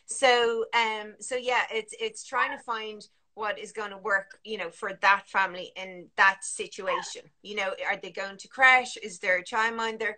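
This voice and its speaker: A woman's voice: mid-range voice, fairly even intonation, moderate pace, hardly any pauses, sharp tone. A woman, a sleep consultant chatting casually on a live video call, full of fillers and restarts. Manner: chatty, many restarts and fillers, acts out parents and children.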